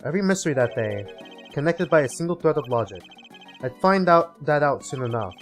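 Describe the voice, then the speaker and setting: A man's voice: fairly high pitch, very animated, brisk, faint music behind. A man voicing an earnest young male rookie attorney while reading game text aloud, with a raised, insistent delivery.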